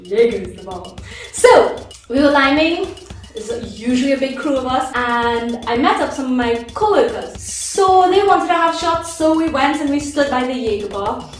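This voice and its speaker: A woman's voice: sits high, lively intonation, normal speed, far from the mic. A young Trinidadian woman telling a funny story to camera, acting out the voices of friends and herself. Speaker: vlogger. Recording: very echoey room with faint music.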